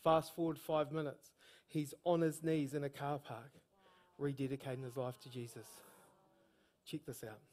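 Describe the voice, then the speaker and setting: Energetic New Zealand preacher. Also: male voice, medium pitch, moderate pace. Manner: energetic storytelling, bursts of shouted emphasis. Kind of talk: sermon.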